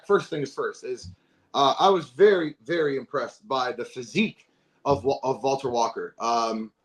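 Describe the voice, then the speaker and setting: A man co-hosting a fight recap podcast, cursing freely and cutting in with emphatic points in casual chat. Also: on the high side. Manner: profane, emphatic, interjecting. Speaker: podcast co-host.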